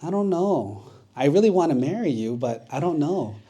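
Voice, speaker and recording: An eager young boy bird from a children's storybook, sweet-natured and a bit slow-witted, as a man puts him on. He talks in a mellow, dark tone with an earnest, pleading manner. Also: a little high, expressive, slightly rough, voice pushed up. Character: naive kind young male bird suitor.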